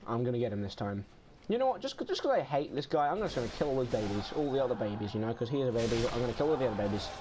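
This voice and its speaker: A man's voice: mid-range voice, animated, racing, slight background noise. Frustrated man swearing through a boss fight. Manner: frustrated, swears a lot, yells in bursts. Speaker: gamer. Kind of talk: gameplay commentary. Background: game music.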